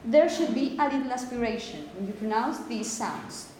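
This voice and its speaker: A woman whose first language is Spanish teaches a phonetics class, her voice a little high. She explains step by step and keeps checking in with the students. The room is echoey, with faint background noise. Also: animated, normal speed, darkish tone. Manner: explanatory, checks in with "okay?" often. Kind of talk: classroom lecture.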